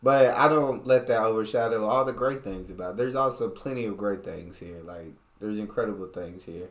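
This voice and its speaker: A man's voice: lowish voice, fairly quick. An American man hosting a reaction video, talking in a casual, agreeable way and laughing often. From United States. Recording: echoey room.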